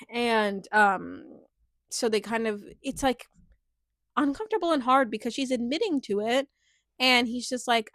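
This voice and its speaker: A woman's voice: fairly high pitch, a little slow, a bit bright, dry recording, studio quality. A young woman vlogging a casual recap of a reality show, chatty and full of filler words. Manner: chatty, heavy filler words, frequent laughs. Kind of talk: casual reaction chat.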